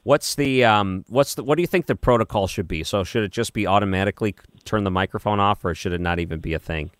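A man hosting a late-night talk radio show, chatting casually with many restarts and a calm, skeptical tone, in a studio on a studio mic. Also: lowish voice, fast, no room sound. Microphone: studio microphone.

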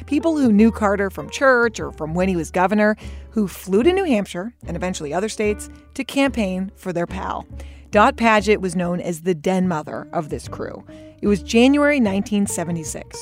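A woman narrates a documentary story from a script. Her delivery is conversational with dry asides. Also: medium pitch. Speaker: podcast host and narrator.

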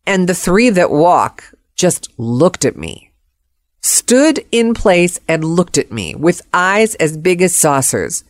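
A woman's voice: on the low side, sing-song, slow pace, no room sound, clean studio sound. A woman telling a personal story expressively, acting out the voices of the people in it.

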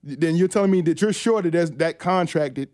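A man who played linebacker, a guest on sports talk radio, talking in halting bursts with many restarts and fillers. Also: fairly high pitch, a little mellow, no room sound, studio quality. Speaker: former NFL linebacker, guest.

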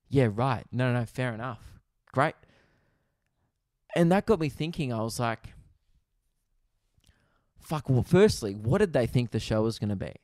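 Rambling comedian telling a story. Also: male voice, medium pitch, darkish tone, no echo, clean studio sound. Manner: rambling, self-mocking, quoting others in quick asides. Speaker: comedian podcast host. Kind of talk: casual storytelling monologue.

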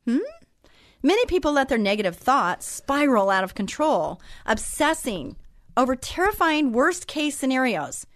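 A woman's voice: high voice, very animated, a little slow, dry recording, clean studio sound. A woman hosting a Christian talk show, talking in a chatty, encouraging way and drifting into personal stories. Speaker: host.

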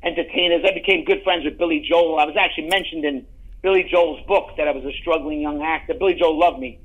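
A middle-aged man, an actor, telling rambling, animated anecdotes in a casual interview, often restarting his sentences. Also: fairly high pitch, quick pace, highs cut off. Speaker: guest, actor.

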